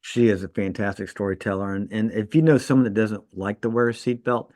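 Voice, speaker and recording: Low-voiced man telling stories on a podcast. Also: steady tone, a little fast, a little mellow, no echo, clean studio sound. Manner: storytelling, laughs at own jokes. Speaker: podcast co-host, trauma surgeon. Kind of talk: casual podcast chat.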